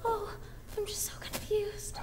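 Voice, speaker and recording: A woman's voice: extremely high pitch, monotone, a little slow, whispered, over music. A woman playing a dramatic, flustered young starlet bride in a stage musical, flighty and theatrical.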